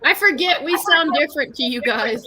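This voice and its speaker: A woman's voice: sits high, expressive, brisk, sharp tone. An American woman in a casual group chat over a video call, teasing and laughing often. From United States.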